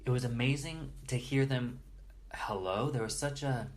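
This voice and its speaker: A man's voice: medium pitch, moderate pace. A man in an interview earnestly and reverently telling stories, often restarting his sentences as he goes. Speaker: interview guest. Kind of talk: storytelling in conversation.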